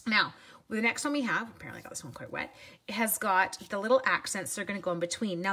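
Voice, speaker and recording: A woman's voice: medium pitch, fairly bright tone, husky. A woman, hosting a casual live craft demo at home and chatting upbeat with viewers while she works. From Canada. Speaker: craft demonstrator.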